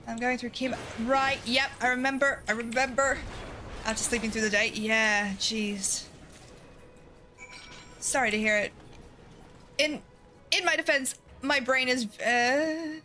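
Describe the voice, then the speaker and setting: A woman's voice: a little high, a little slow, long pauses, sharp tone, faint music behind. A sleepy woman on painkillers, chatting casually while streaming a game in a put-on Irish accent that slips into Southern US, rambling, sweary and giggly. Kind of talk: casual live-stream chat while gaming.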